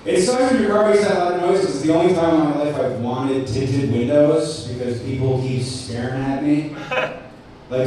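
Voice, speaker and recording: This stand-up comic's voice is on the high side with a darkish tone and a moderate pace. Indoors at a cafe open mic, he rambles self-deprecatingly with many ums and restarts, recorded from a distance in a very echoey room with faint noise.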